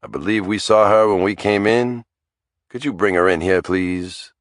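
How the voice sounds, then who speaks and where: A man voicing an affable, pushy middle-aged lawyer who speaks with a smooth, cultured Southern accent in a polite, insistent way. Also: deep voice, moderate pace, no echo, studio quality, voice pushed up, close to an everyday voice.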